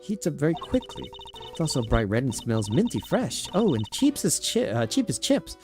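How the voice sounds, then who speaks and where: A man's voice: fairly high pitch, huge pitch swings, moderate pace, a little mellow, soft background music, voice pushed up. A man voicing a prim, fussy elderly British woman in a game, slipping between a British and a Southern accent. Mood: chatty. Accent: put-on British, slipping toward American Southern. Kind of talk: voicing game dialogue on a stream.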